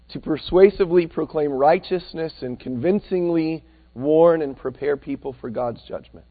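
High-ish voiced preacher guy telling stories, gets loud then real quiet, phone-ish sound. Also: normal speed, narrow, tinny audio. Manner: animated, swings between loud and hushed. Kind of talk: sermon with storytelling.

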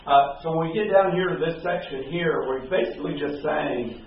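A man teaching a Bible class in a conversational, halting way, full of fillers and restarts. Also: on the high side. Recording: distant, very echoey, phone-like room recording.

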